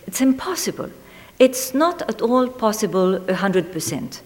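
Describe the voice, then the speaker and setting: A woman's voice: mid-range voice, sing-song, a little mellow. Woman reading in a reverberant hall. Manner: measured, deliberate delivery that dwells on single words. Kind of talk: reading a literary essay aloud.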